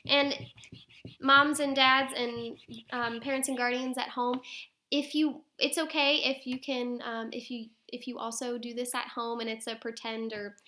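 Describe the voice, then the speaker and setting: A woman teaching a phonics lesson to young children on video, sounding out letters slowly and asking coaxing questions. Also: a little high, bright, forceful tone, slight background noise. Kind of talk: early-grade phonics lesson to camera.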